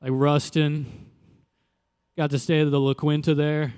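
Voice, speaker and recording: A young adult man from Louisiana doing a stand-up comedy set in a loose, conversational way, jumping into animated quoted voices. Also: fairly high pitch, a little slow, long pauses, clear, resonant tone, in a large hall. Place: live comedy venue.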